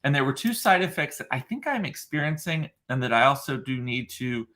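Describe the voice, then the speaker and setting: Man, deep gravelly voice, casual livestream chat, rambling, lots of ums, self-deprecating. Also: very animated, brisk, pushed and bright. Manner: chatty, rambling, self-deprecating, many fillers. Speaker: livestream host reading viewer comments.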